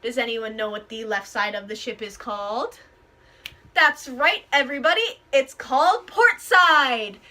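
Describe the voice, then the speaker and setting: High bright-voiced woman leading pirate games. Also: unhurried. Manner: exaggerated, upbeat and instructive, addressing a group. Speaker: pirate-themed children's party host. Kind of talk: scripted pirate role-play with call-and-response.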